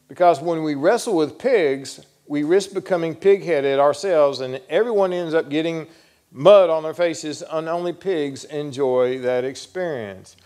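A male pastor delivers a sermon in a fairly high-pitched voice, asking the congregation direct questions. He moves between storytelling and quiet, earnest teaching. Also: a little slow.

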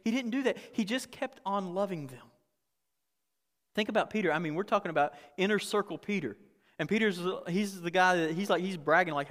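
A man pastor preaching a sermon in a conversational, animated way, repeating phrases for emphasis. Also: high-pitched, a little fast. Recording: long reverb of a large hall.

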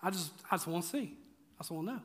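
Bright, high-voiced preacher in an echoey hall. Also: male voice, lively intonation, rapid-fire, slightly rough. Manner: conversational, joking, emphatic repetition. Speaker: pastor. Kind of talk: sermon. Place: church auditorium.

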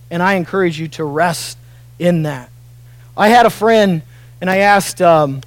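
A middle-aged pastor delivers a sermon with a high, clear voice, close and dry on the mic. He talks earnestly, sinking soft and near tears, then surging to loud, emphatic peaks. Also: a little slow, dry recording. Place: church auditorium.

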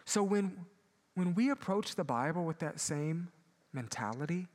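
Man preaching with loud and soft swings. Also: lively intonation, fairly quick. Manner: swings between loud emphatic peaks and quiet low asides. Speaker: pastor. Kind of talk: sermon.

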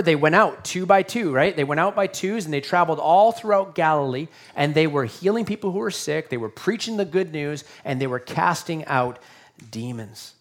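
A man preaching a sermon, swinging from loud emphasis to hushed lines and acting out the voices of the people in the story. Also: on the high side. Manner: dynamic, swings from loud emphasis to near-whisper; acts out quoted voices. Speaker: pastor.

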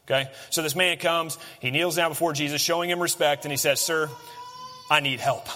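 A man preaching a conversational, animated sermon as a pastor. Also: a little high, fairly quick, big-room sound.

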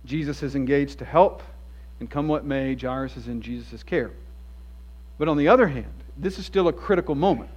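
An earnest male pastor delivers an expository sermon in a church. He tells the story with feeling and drops to a hush for quieter points. His voice sits at a medium pitch, and the recording is a little dull and low-fi. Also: moderate pace, husky. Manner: earnest, storytelling, shifts between emphatic and hushed. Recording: dull lo-fi sound.

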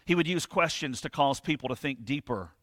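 A man's voice: mid-range voice, fairly quick, a bit bright, no room sound. A man preaching a sermon as pastor, reading scripture aloud with rising emphasis and checking in with the congregation with a conversational "right?".

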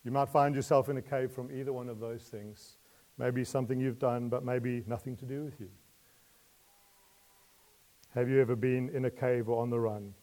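Using a mid-range voice, a preacher poses questions to the congregation, chuckles softly between points, and swings from hushed asides to loud, emotional appeals.

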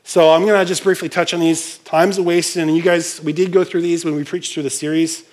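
A man preaching a sermon as pastor, animated and conversational, acting out scenes and speaking to the congregation with frequent asides. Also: fairly high pitch, fairly quick. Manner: animated, uses props and acts out scenes.

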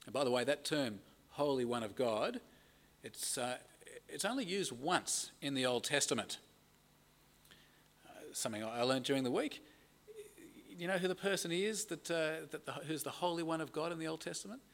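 A man's voice: fairly high pitch, animated, moderate pace, pauses often, fairly bright tone. A middle-aged man preaching a conversational sermon and reading scripture aloud with emphasis. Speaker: pastor.

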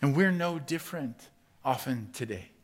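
A man preaching a sermon, talking to the congregation as if chatting with them. He asks rhetorical question after question. His delivery swings between loud, rising emphasis and quiet, low stretches. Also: lively intonation, normal speed. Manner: builds to loud, rising emphasis, then drops to soft and low. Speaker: pastor.

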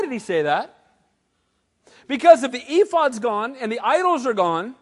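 Brief: animated man preaching, very high voice, reverberant hall. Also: normal speed, long pauses. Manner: animated, asks the crowd questions. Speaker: pastor. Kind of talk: sermon.

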